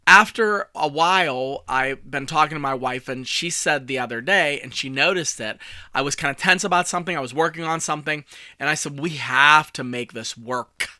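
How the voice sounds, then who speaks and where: A man in his forties coaching listeners on his own podcast, talking casually and telling stories with self-deprecating asides. His voice is very bright and a little high for a man. The recording is dry and close, with no room sound. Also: a little fast, dry recording. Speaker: communication coach and podcast host. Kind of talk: casual solo podcast talk.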